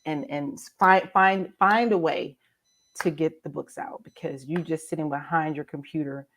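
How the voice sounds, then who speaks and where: A woman's voice: normal speed, a little hiss or hum. A woman, an independent author, talking casually on a publishing panel over a video call, bursting with energy, with restarts and laughter. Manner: animated, acts out quotes with big jumps in pitch.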